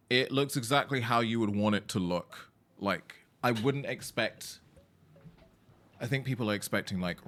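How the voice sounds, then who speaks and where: A man's voice: on the low side, a bit bright. A man chatting casually on a live game stream, opinionated and talkative, talking to his cat between bits of gameplay.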